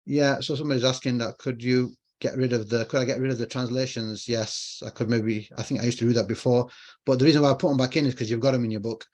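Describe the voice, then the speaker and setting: A man's voice: medium pitch, fairly even intonation, fast talker, darkish tone. Man teaching an online language class. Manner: explains patiently, repeats phrases, asks and answers his own questions. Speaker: Arabic teacher.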